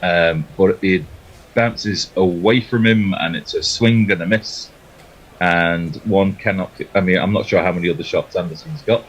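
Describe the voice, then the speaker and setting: Husky low-voiced cricket commentator man. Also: moderate pace, muffled recording. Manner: chatty, laughs between deliveries. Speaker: ball-by-ball commentator.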